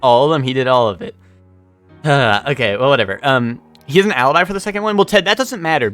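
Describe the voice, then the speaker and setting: A man's voice: medium pitch, a bit bright. A man streaming a video game, rambling in casual commentary, swearing often and repeating himself.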